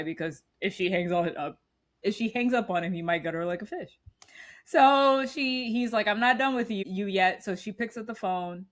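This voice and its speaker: A woman in her thirties co-hosting a podcast, animatedly recapping a movie in casual chat and laughing often. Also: mid-range voice. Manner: animated, laughing, retells scenes. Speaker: podcast co-host.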